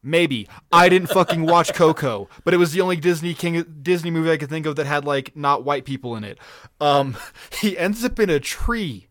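A man co-hosting a podcast, recapping episodes in an excitable, profane, laugh-filled way. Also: fairly high pitch, moderate pace, dry recording, clean studio sound. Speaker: podcast co-host.

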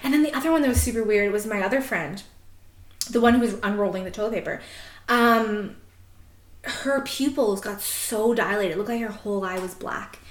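A woman on a podcast telling a story in a casual, animated way, swearing freely and laughing often. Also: medium pitch, normal speed, reverberant. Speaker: podcast host.

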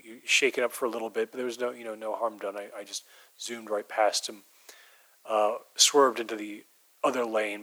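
A man telling an eerie personal story in a measured, halting way, sometimes dropping his voice to a hush. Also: mid-range voice. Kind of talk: casual storytelling.

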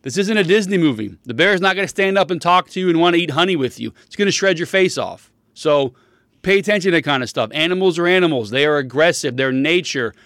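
A man's voice: fairly high pitch, expressive, quick pace, fairly bright tone, dry recording, clean studio sound. A man hosting a podcast, delivering a heated, profane political rant. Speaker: podcast host.

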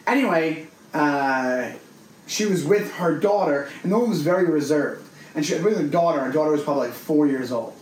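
A man with a somewhat high voice tells a story in a loose, chatty way and slips into the voices of the people in it. He is recorded in an echoey room, with a faint hiss underneath. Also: fairly quick. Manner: animated storyteller who acts out other people's voices. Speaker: podcast co-host. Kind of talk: casual storytelling chat.

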